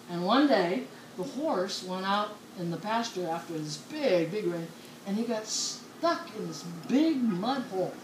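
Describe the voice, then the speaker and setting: Rambling woman telling jokes, echoey room. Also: medium pitch. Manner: chatty, laughs mid-joke, loses her place. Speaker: joke-telling co-host. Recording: echoey room with clear noise.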